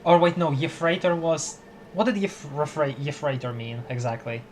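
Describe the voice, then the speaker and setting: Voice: medium pitch, fairly even intonation, normal speed, a little mellow, slight background noise. A streamer in casual commentary over a story game, thinking aloud, reading text and stumbling over words. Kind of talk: casual let's-play commentary.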